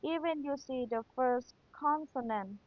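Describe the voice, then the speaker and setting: A woman's voice: high voice, a little slow. A young woman whose first language is Thai, teaching an exam review lesson and patiently repeating key points while checking in with rhetorical questions. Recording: tinny phone-like sound, dry.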